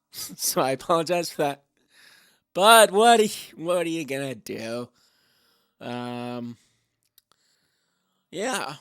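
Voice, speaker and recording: A man's voice: on the high side, clean tone, no echo, clean studio sound. A young man hosting a podcast, rambling and self-deprecating as he signs off, swearing now and then. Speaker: podcast host. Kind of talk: casual podcast sign-off.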